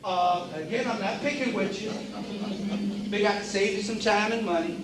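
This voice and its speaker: Preacher-style man with a high voice, emphatic and repetitive, recorded far off in an echoey hall, faint hiss. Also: moderate pace. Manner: emphatic, repeating phrases for emphasis; addresses the audience as brothers and sisters. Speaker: lecturer. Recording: roomy hall, speaker away from the mic, faint background hiss.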